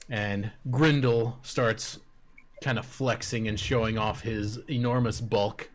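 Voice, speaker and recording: Slow-speaking male game master. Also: mid-range voice, steady tone. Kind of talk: narrating a tabletop game.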